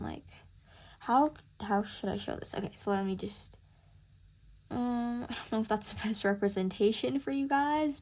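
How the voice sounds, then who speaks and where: A woman tutoring music theory in a casual lesson, chatty and thinking aloud as she corrects herself. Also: mid-range voice. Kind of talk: casual screen-recorded lesson.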